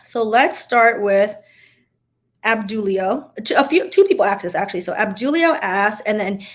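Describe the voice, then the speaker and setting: A woman's voice: medium pitch, expressive, moderate pace. Chatty, sassy young woman vlogger. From Miami, USA. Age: young adult. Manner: chatty and sassy, with wry asides. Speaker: vlogger answering viewer questions. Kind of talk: casual Q&A chat.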